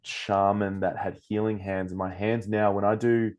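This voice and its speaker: An Australian man, a coaching guest, telling personal stories in casual, animated talk, swearing freely and acting out what others said. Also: lowish voice, moderate pace. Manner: animated, swears freely, acts out quoted speech. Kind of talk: casual storytelling.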